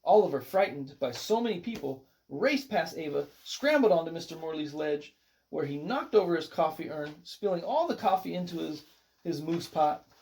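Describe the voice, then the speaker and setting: A storybook reader narrating a picture book aloud with expressive, animated delivery. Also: medium pitch, normal speed.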